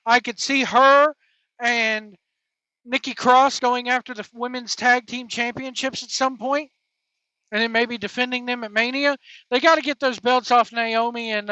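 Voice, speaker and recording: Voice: medium pitch, fairly even intonation, a little slow, bright, forceful tone, no room sound. A wrestling show host giving casual, informal commentary with slangy, emphatic phrasing. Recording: dull lo-fi, dry.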